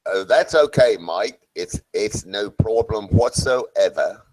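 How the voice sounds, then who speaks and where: A man with a Southern American accent chatting casually on a video call, friendly and encouraging, with a relaxed, lazy drawl. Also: fairly low pitch, takes it slowly, no room sound, rough recording. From Southern United States. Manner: friendly, encouraging, admits to drawling lazily when tired. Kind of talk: casual chat on an online video hangout.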